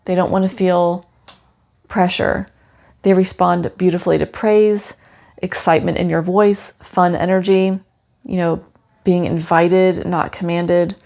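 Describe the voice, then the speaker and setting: A woman giving a casual tarot reading for a pet owner, talking softly and soothingly with lots of "you know" fillers. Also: lowish voice, fairly even intonation, unhurried, creaky.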